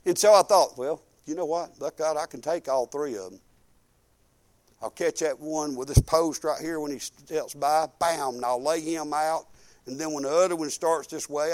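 A man's voice: a little high, normal speed. An older man, a pastor telling folksy stories in a sermon and acting out the quotes. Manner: folksy, animated storytelling with acted-out quotes. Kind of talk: storytelling sermon.

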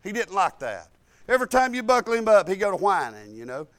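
High-voiced older pastor preaching. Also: male voice, big pitch swings, fast talker. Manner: swings from soft asides to bold preaching shouts. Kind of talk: storytelling sermon.

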